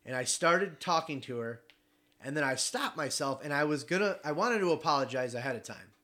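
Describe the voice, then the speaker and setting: A young man casually telling a travel story, animated, swearing and acting out the other people in it. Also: a little high, fairly quick. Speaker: podcast regular telling a story.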